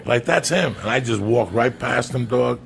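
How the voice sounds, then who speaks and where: A man's voice: mid-range voice, steady tone, moderate pace, gravelly, a little hiss or hum. A man telling a crude, comic story on a podcast, swearing often and calling his listener by name. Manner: profane, emphatic, keeps addressing the listener by name.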